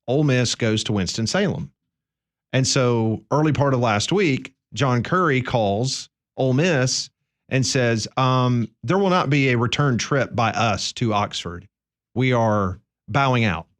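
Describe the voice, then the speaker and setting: A man hosting a sports talk radio show, walking through a story in a conversational, explaining manner. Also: medium pitch.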